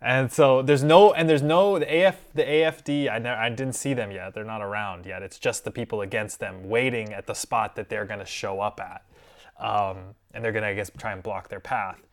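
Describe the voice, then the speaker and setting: Animated male podcast storyteller. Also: fairly low pitch, moderate pace. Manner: animated storyteller, acts out other people's lines. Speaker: podcast co-host. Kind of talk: casual storytelling chat.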